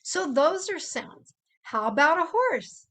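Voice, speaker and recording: Lively high-voiced older woman teaching kids. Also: slow. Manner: playful, imitates animal sounds. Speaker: children's presenter. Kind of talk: gentle instructional talk to children.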